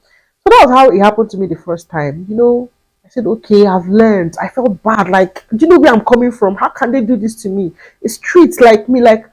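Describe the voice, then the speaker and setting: A young Nigerian woman with a Nigerian accent and a slightly husky voice, telling a personal story on her vlog with emphatic repetition and bits of pidgin. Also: a little high, lively intonation, brisk, darkish tone, rough recording. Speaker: vlogger.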